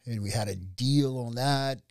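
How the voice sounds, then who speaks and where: A middle-aged man, a restaurant owner who tells his story in an animated way and acts out the voices of other people. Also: mid-range voice, measured pace, dry recording, clean studio sound. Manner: animated, acts out quoted dialogue. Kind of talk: conversational storytelling.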